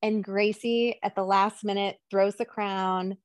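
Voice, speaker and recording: A woman's voice: mid-range voice, measured pace, no echo, clean studio sound. Chatty woman recapping a movie. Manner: animated retelling with quoted voices. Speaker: podcast co-host. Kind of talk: casual movie recap chat.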